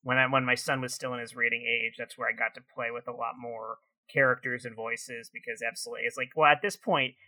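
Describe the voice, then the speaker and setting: A man's voice: mid-range voice, little pitch movement, fast talker, hardly any pauses, bright, forceful tone, poor audio. A man co-hosting a casual podcast, telling stories in an emphatic way. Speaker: podcast co-host. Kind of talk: casual chat among improvisers.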